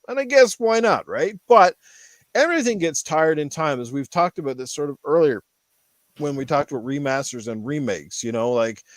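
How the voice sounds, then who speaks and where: A man's voice: a little high, dry recording. Rambling man hosting a gaming podcast. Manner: rambling, with many fillers and restarts. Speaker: podcast host. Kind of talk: casual gaming talk.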